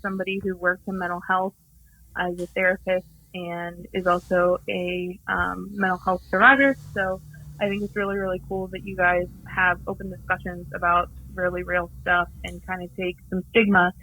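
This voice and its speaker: A woman's voice: on the low side, level tone, moderate pace, pushed and bright, rough recording. A woman leaving an earnest voicemail for a podcast, with many filler ums. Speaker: voicemail caller. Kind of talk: recorded voicemail message.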